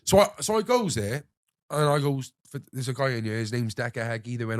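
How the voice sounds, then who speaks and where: A man's voice: mid-range voice, fairly quick, no room sound, studio quality. Young man telling a wild story. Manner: animated anecdote-telling, swears freely, acts out others' lines. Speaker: podcast host. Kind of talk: casual storytelling chat.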